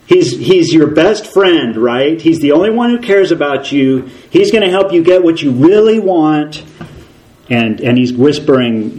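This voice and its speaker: A male preacher in full sermon mode keeps his delivery animated. He fires off rhetorical questions and slips into acted voices for the figures he quotes. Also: fairly high pitch, measured pace, rough recording.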